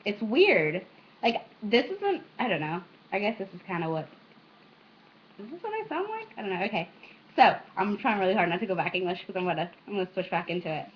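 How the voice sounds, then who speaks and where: A young woman with an American accent chats casually on her vlog, rambling and poking fun at herself. Her pitch sits in the middle, and the recording is dull and lo-fi. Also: animated, fast talker, a little hiss or hum. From United States. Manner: rambling, self-mocking.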